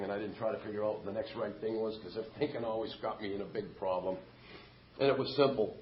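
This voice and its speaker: A man's voice: lowish voice, fairly even intonation, fast, highs cut off, a little hiss or hum. A middle-aged man telling his story at a recovery meeting, candid and self-mocking. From Massachusetts, USA. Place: meeting hall.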